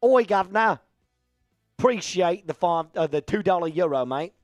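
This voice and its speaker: A man's voice: medium pitch, lively intonation, takes it slowly, a little mellow, dry recording, highs cut off, faint music behind. A man putting on an exaggerated, slangy mock British accent as a cheeky bloke, jokingly.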